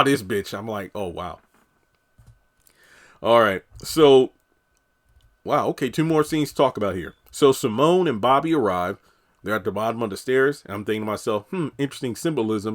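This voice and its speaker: A man giving a casual, animated episode recap, acting out the characters' lines as he goes. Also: on the low side. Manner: animated, acts out quotes from characters. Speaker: TV episode reviewer.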